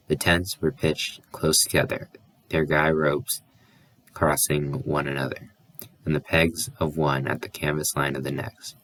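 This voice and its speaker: Guy with a super low voice reading a book out loud, dry close sound. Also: no echo. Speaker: audiobook reader. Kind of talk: reading a novel aloud.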